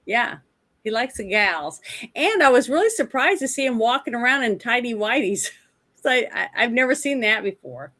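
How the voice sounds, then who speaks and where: A woman's voice: on the high side, lively intonation, moderate pace, bright, forceful tone. A woman co-hosting a casual movie review podcast, retelling scenes in a rambling way with lots of asides. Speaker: podcast co-host.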